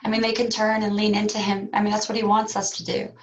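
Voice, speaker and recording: Guest, woman, mid-pitched, heartfelt and reflective, slightly muffled lo-fi recording. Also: completely flat delivery. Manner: heartfelt, reflective, with fillers and pauses. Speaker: actress guest. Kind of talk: interview conversation.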